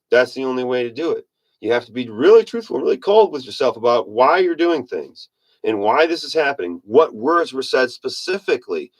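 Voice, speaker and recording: A man giving a casual motivational monologue in a rambling, folksy manner, often correcting himself. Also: mid-range voice. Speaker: self-help speaker.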